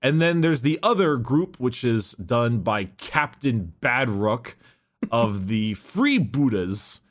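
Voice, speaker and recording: A man co-hosting a casual book-discussion podcast, talking haltingly with many restarts and fillers. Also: mid-range voice, animated. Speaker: podcast co-host.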